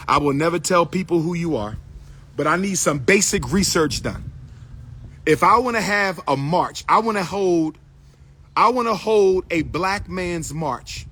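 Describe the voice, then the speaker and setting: Middle-aged male activist, husky and breathy, preaching with fiery repetition. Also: a little high, fairly bright tone. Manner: preaching, repeats his calls and pleas. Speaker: activist speaker. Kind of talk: impassioned speech.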